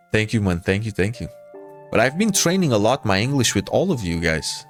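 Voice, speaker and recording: A man's voice: lowish voice, very animated, normal speed, soft background music. A man with a Portuguese accent, a native Portuguese speaker, chatting casually with viewers as a game streamer, repeating himself and calling people brother.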